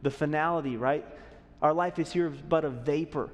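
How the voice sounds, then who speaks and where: A man's voice: fairly high pitch, moderate pace, long reverb tail. A man in his thirties preaching a sermon as a pastor, conversational and often checking in with the audience. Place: church auditorium.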